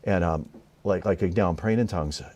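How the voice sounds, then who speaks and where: A man, a minister, telling a spiritual story in an interview, earnest and halting with frequent restarts. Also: low voice, mellow.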